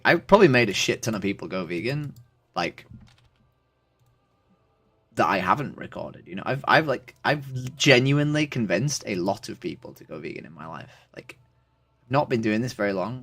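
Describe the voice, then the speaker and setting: A man's voice: lowish voice, expressive, moderate pace, gravelly, a bit bright. A man with an Irish accent, casually chatting with strangers on a livestream, rambling with lots of filler words and swearing. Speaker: streamer.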